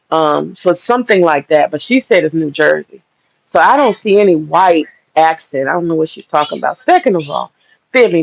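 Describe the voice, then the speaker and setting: A woman hosting a live stream, ranting bluntly and with lots of swearing while lying down, her voice sounding deep. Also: gravelly, no echo, dull audio. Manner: blunt, profane, rambling. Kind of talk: casual live-stream rant. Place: lying down at home.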